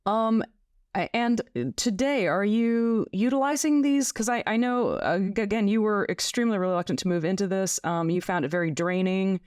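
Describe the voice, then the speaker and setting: Woman host asking questions, smooth clear voice, dry close mic. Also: mid-range voice, moderate pace, a little mellow, no room sound. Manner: asks long searching questions with restarts. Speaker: podcast host. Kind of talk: interview questions.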